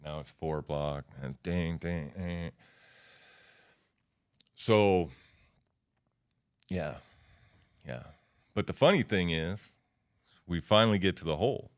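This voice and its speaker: Deep-voiced guy in his fifties, smooth and resonant, rambling slangy storytelling w lots of "like" and "you know". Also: slow pace, long pauses. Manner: loose, slangy storytelling with many fillers. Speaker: guest. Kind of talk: casual storytelling.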